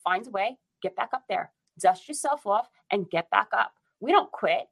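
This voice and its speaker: A woman from the United States delivers a fierce, impassioned rant, hammering her points home with repetition and swearing. Her voice sits at an ordinary middle pitch for a woman, and she talks the way people do in a casual chat. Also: lively intonation, moderate pace, creaky, a bit bright, rough recording.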